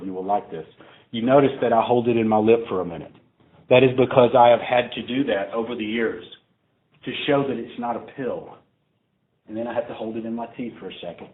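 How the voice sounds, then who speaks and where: Profane, rambling man. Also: medium pitch. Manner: profane, digressive, conversational. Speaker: speaker at a recovery meeting. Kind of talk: live storytelling talk to a crowd. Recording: tinny phone-like recording, faint hiss.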